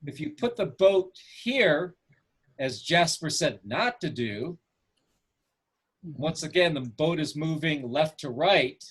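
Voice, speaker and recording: A man's voice: fairly high pitch, expressive, slow pace, a bit bright, breathy edge. A man teaching a photography class over a video call, asking the students questions and encouraging them.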